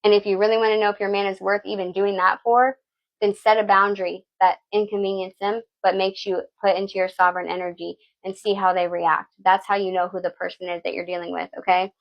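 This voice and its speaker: A woman's voice: medium pitch, little pitch movement, fast, creaky, lo-fi sound. A woman giving a tarot reading, blunt and preachy, swearing freely and asking "okay?" again and again. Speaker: tarot reader. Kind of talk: live tarot reading talk.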